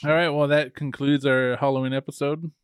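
A man's voice: medium pitch, level tone, brisk, smooth, dry recording, studio quality. A man hosting a podcast in casual chat, laid-back and swearing. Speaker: podcast host.

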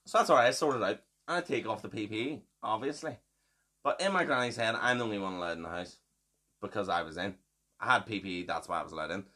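A man's voice: lowish voice, fast, pushed and bright. A man, hosting a podcast and telling a story in a casual, swearing, laughing way. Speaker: podcast host.

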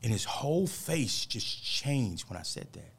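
Gravelly earnest motivational speaker, a man. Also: medium pitch, very animated, a little slow. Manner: earnest, heartfelt, preacher-like emphatic delivery. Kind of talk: emotional personal storytelling in a radio interview.

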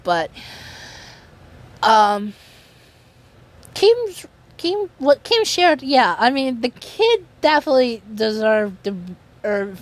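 A woman giving casual commentary on online news in an earnest, halting way, often restarting her sentences. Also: a little high. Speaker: commentary vlogger.

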